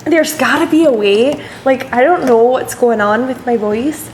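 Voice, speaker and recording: A woman's voice: sits high, a little slow, darkish tone, slight background noise. A woman streamer chatting casually while painting miniatures, rambling and slipping into playful accents.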